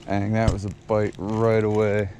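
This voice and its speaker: A young man from eastern Pennsylvania chats easily to his viewers while fishing at a pond, in a fairly low, relaxed voice. He is recorded on outdoor camera audio with a clear wash of background noise. His commentary stays casual and laid-back. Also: unhurried. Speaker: fishing vlogger. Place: outdoors by a small backyard pond.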